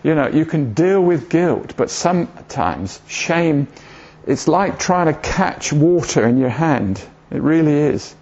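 A man's voice: on the high side, expressive, slow, darkish tone. A man preaching an informal sermon in a church, chatty and jokey, often asking the congregation questions. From southern England. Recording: dull lo-fi church recording.

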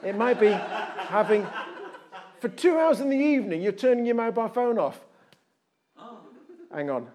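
A man's voice: high voice, normal speed, long pauses. A man preaching a sermon and giving church announcements in a conversational, jokey way. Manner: conversational, jokey asides, animated shifts in volume. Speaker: pastor. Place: church hall.

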